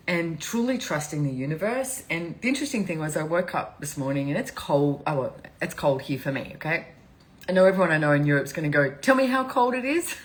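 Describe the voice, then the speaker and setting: The audio is poor, and the woman's voice sits low. Hosting a live stream, she talks casually and rambles with candor and emotion, often teary and laughing.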